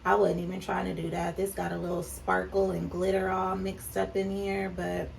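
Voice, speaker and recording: A woman's voice: fairly low pitch, flat delivery, normal speed, vocal fry. A woman in her thirties from California, chatting candidly while doing her makeup and calling her viewers "child", "baby" and "honey". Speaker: vlogger and clothing brand owner. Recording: slightly distant mic with faint background noise.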